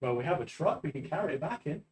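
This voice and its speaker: A man's voice: a little high, lively intonation, quick pace, distant mic, noisy background. A man playing in a tabletop game, thinking aloud hesitantly about his moves. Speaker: player. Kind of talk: casual chat at a tabletop game.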